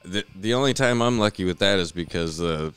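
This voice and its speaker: A man's voice: sits low, fairly quick, fairly bright tone, smooth. A man co-hosting a podcast, chatting in an easygoing, profane way. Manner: easygoing, profane, laughs often. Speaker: podcast co-host. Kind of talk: casual chat.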